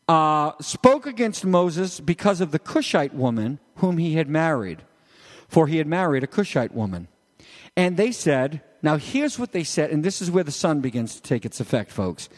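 A man preaching a sermon in an animated, conversational way, tossing rhetorical questions at the congregation. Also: fairly high pitch, normal speed. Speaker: pastor. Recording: long reverb of a large hall.

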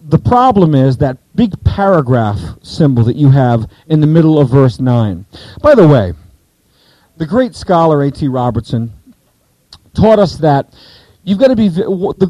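A man preaching an expository sermon in a conversational, animated way, sometimes acting out voices from the Bible stories. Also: on the high side, no room sound, low-quality recording.

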